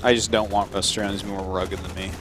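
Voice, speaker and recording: A man commentating a live game, trading dry jokes and quick analysis. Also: low-pitched, level tone, a bit bright, a little hiss or hum. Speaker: esports commentator.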